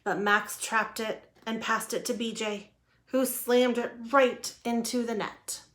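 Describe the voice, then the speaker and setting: A woman reading a children's picture book aloud in a lively, expressive way. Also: a little high, slow. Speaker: storyteller. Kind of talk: children's storybook read-aloud.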